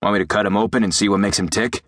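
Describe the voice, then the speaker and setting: Gruff elderly doctor, blunt, dry teasing, low voice, read by a man, dry close audiobook sound. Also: steady tone, rapid-fire, dry recording, natural voice. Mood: brusque. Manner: brusque, dryly joking.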